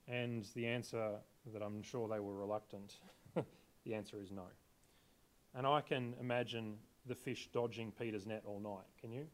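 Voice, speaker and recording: A man's voice: lowish voice, fairly even intonation, moderate pace. A man preaching a sermon in a conversational way, often asking his listeners questions. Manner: conversational, asks the congregation questions.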